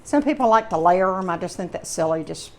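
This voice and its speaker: Her fairly low, expressive and slightly mellow voice moves a little fast as this Southern home cooking channel host demonstrates a casual dish in her kitchen. She speaks with a Southern American accent and comes from the Southern United States. Her talk rambles through folksy asides.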